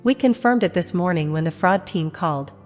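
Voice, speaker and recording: A woman voicing a calm, matter-of-fact friend reporting bad news. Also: on the low side, a little fast, lightly acted. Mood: grave. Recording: long reverb, music behind.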